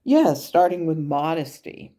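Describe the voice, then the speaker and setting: A woman calmly recounting her channelled conversation with an angel in a wry, reflective manner. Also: sits low, unhurried. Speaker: spiritual channel host.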